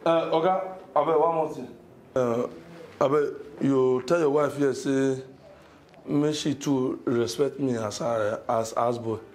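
A man's voice: mid-range voice, fairly even intonation, unhurried, close to an everyday voice. A man playing a stammering Nigerian houseboy. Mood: pleading. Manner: stammering, repeats filler phrases, pleading. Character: bumbling young male houseboy, sly and stubborn.

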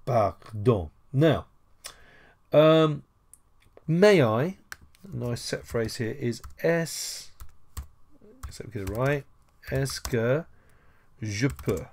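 A man's voice: mid-range voice, expressive, slow, long pauses, a little mellow. A man teaching a screen-recorded language lesson, chatty with jokey asides and a playfully formal manner.

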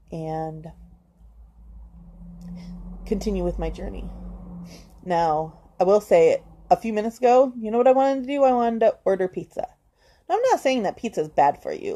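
Speaking directly to the camera in a personal confessional vlog, a woman with a fairly low, mellow voice sounds hesitant and earnest. She says um often and restarts her sentences while encouraging herself.

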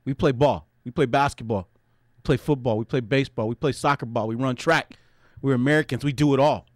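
A man's voice: mid-range voice, fairly quick, no room sound, studio quality. A man hosting a sports talk radio show, brash and opinionated, tacking "man" onto his sentences. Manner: brash, ends phrases with "man".

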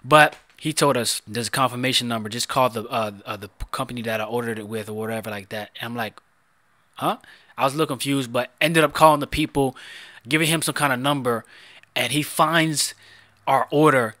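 A young man hosting a casual storytime, talking in slangy, animated bursts that jump loud when excited. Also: medium pitch, a little fast, no room sound. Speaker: storytime channel host. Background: background music.

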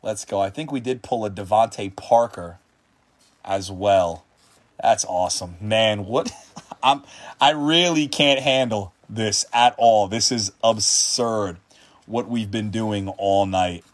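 Unhurried man hosting a card-break stream. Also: fairly low pitch. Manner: excitable, calls out player names, shouts at big hits. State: hungry and sweaty late in a long stream. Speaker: host of a card-breaking livestream. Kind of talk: casual livestream commentary while opening card packs.

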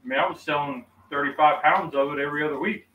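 A cooking-channel host, middle-aged, tells an animated story at an outdoor cookout, playing out the quoted back-and-forth. He speaks fast with a fairly high pitch, and the lo-fi audio is echoey, with a distant mic and faint background ambience.

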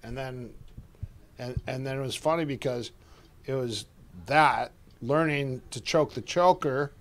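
A middle-aged man who coaches martial arts, telling casual stories in an animated way, acting out quoted voices and often restarting his sentences. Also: medium pitch, measured pace. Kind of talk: casual storytelling.

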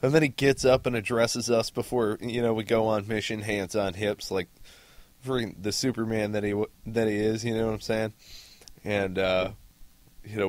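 A man with a low voice trades service stories in easy, enthusiastic chat and laughs often. His voice sounds dry and close to the mic. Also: dry recording. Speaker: podcast co-host, former Marine. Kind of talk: casual chat.

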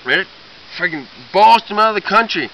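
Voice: mid-range voice, lively intonation, brisk, bright, forceful tone. A person telling a long, rambling joke casually, tagging lines with "eh?". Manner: rambling, tags lines with "eh?", swears mildly. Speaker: joke teller. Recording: distant, dull, noisy home recording.

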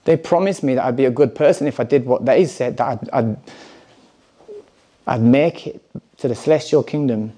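This conference talk is a personal testimony from a man from England, whose warm, medium-pitched voice moves at a moderate pace with long pauses. He speaks candidly about his own life and reads scripture with emphasis.

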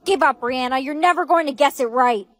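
A woman's voice: sits high, brisk, no room sound, studio quality, close to an everyday voice. A woman voicing a vengeful teenage boy classmate who speaks coldly and taunts. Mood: taunting. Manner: cold, taunting. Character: bitter teen boy classmate, vengeful, hostile.

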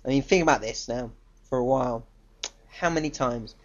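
Man, casual film review rant, blunt, profane, exasperated, mid-pitched, dull lo-fi recording. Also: normal speed.

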